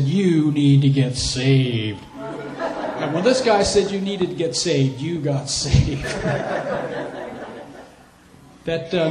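A man's voice: on the high side, a little mellow, reverberant, a little hiss or hum, poor audio. A man preaching a sermon as a missionary, telling stories with animation and repeating phrases for emphasis. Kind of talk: sermon with storytelling.

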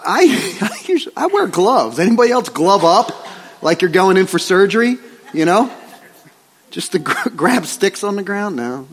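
A male pastor preaching a sermon in a joking, animated way, often asking the congregation questions. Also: high-pitched. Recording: long hall reverb.

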